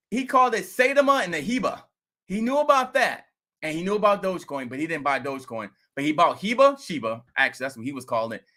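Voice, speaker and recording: A man hosting a crypto vlog, telling a rambling, animated story in casual talk. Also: sits high. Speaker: crypto video host.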